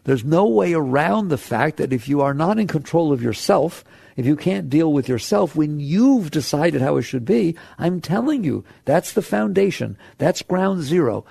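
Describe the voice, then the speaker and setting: A man's voice: on the high side, animated, normal speed, gravelly, warm tone, husky, dry recording. A man giving a spiritual talk to an audience, conversational, laughing often and asking rhetorical questions. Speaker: spiritual teacher.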